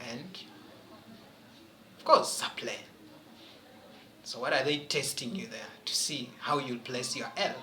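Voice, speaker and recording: A man's voice: medium pitch, sharp tone, roomy sound, slight background noise, rough recording. A man teaching a French exam-prep lesson, emphatic and questioning his students as he goes.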